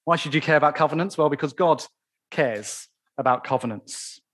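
A man preaching a sermon in church, stressing key phrases slowly and asking the congregation rhetorical questions. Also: on the high side, fairly bright tone, breathy edge.

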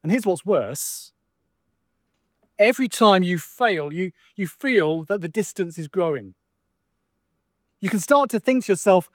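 A man's voice: high voice, moderate pace, no room sound, studio quality. A male pastor with a Southern American accent preaching an earnest sermon full of rhetorical contrasts.

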